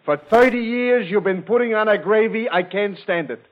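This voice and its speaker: A man voicing a grumpy, blunt middle-aged husband in a radio joke, flat and grumbling. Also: high voice, moderate pace, pitched below the performer's own voice, natural voice. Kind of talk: 1940s radio joke-telling. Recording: tinny old radio broadcast.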